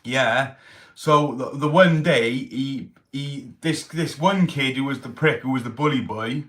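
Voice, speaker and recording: A man's voice: medium pitch, measured pace, a bit bright. Welsh guy chatting on his livestream, slangy, telling prison stories to chat. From Wales. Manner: chatty, street slang, reads chat aloud. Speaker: livestream host. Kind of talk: casual live chat.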